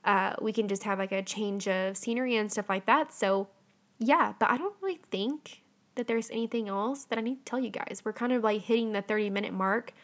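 A woman's voice: medium pitch, a little fast. Chatty woman podcast host. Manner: chatty, heavy on fillers like "um" and "like". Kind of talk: casual solo podcast chat.

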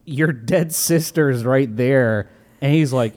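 Relaxed man rambling on a podcast. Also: mid-range voice, slow. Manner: relaxed, rambling, laughs easily. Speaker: podcast co-host. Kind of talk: casual movie recap chat.

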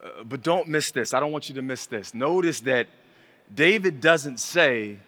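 A man preaching a sermon as pastor, earnest and intimate, building from hushed, quiet passages to rising emphasis. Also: medium pitch, animated, measured pace. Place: church hall. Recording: long hall reverb.

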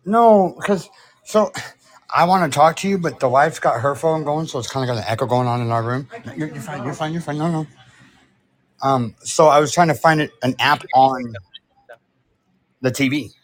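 A man's voice: fairly high pitch, moderate pace. A middle-aged man co-hosting a podcast in casual chat, joking around and trying out silly voices. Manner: jokey, tries out silly voices. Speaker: podcast co-host.

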